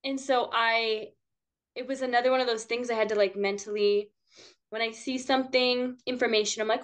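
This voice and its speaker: A woman's voice: fairly high pitch, fairly even intonation, a little fast. A woman, a mother of six, chatting casually as a podcast guest, laughing often and using lots of fillers.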